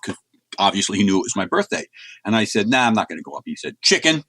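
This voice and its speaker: Speaking rapid-fire in a lowish, expressive voice that's a bit bright, this middle-aged comics writer from the United States chats as an interview guest. His casual stories ramble and keep restarting, and there's no room sound.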